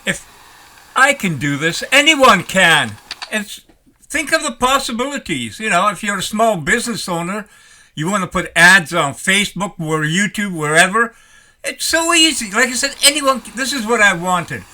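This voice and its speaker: A retired older man rambling in a folksy, animated way as he talks to his vlog audience. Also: high-pitched, normal speed. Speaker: vlogger. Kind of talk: casual vlog talk.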